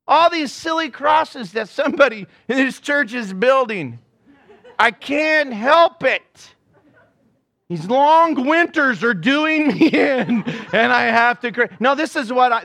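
High-voiced, animated preaching man. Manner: animated storytelling, acts out quotes and laughs often. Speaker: pastor. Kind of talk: sermon. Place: church.

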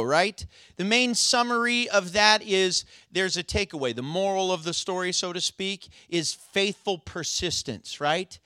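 A man preaching a sermon as pastor, relaxed and joking with the congregation between scripture readings. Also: high voice, moderate pace, dry recording, studio quality. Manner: casual, joking asides to the congregation.

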